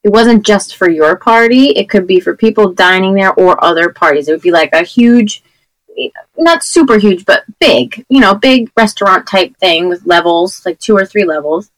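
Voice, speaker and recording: A woman's voice: mid-range voice, lively intonation, normal speed, dry recording, rough recording. A woman in her thirties from New Jersey, co-hosting a podcast, rambling chattily and losing her voice. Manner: rambling, chatty storytelling with fillers. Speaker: podcast co-host. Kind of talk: casual chat.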